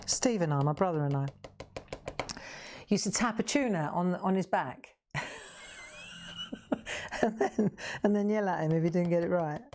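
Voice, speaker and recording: A woman's voice: fairly low pitch, moderate pace, long pauses, a little mellow, a little hiss or hum. A woman hosting a live colouring demonstration, chatting, laughing often and making self-mocking asides. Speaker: craft show host.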